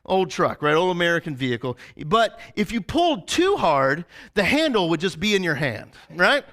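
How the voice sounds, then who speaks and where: Man preaching, high voice, rambling storyteller, "right?" asides, church sermon. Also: sing-song, moderate pace, a bit bright. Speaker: pastor. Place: church service before a congregation.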